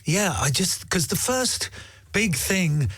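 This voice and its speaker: Chatty London man with a husky voice. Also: high-pitched, big pitch swings, slow, a bit bright, dry recording, studio quality. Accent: London English. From England. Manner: chatty, self-mocking, laughs often, many restarts. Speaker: guest actor. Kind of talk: casual radio interview chat. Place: radio studio. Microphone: studio microphone.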